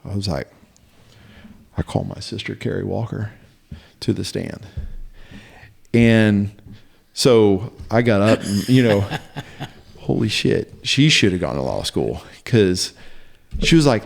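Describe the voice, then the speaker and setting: A man telling a long personal story in casual podcast chat, halting and animated, with frequent fillers and restarts. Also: on the low side, gravelly. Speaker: podcast guest.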